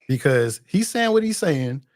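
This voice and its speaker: A man's voice: fairly high pitch, big pitch swings, unhurried, no echo. Podcast co-host, male, teasing and chiding, dry close mic. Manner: teasing, scolding, laughs while talking. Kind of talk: casual chat.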